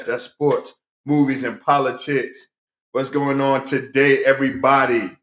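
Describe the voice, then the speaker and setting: A man's voice: mid-range voice, level tone, unhurried, a bit bright. A man hosting his own casual solo talk show, chatting directly to his viewers and repeating phrases for emphasis. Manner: talks directly to viewers, greets them often. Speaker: podcast host. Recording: roomy echo.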